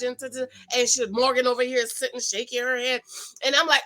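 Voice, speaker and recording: A woman's voice: high-pitched, steady tone, quick pace, sharp tone, low-quality recording. A middle-aged woman, chatting casually as a show recap host, emphatic and preachy, talking straight to her viewers. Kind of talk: casual chat.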